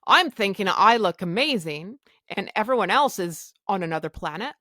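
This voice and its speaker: A woman's voice: mid-range voice, animated, moderate pace, bright, forceful tone, no echo, studio quality. A middle-aged woman hosting a podcast, telling a personal story candidly and emotionally, swearing freely and acting out her own thoughts. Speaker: podcast host.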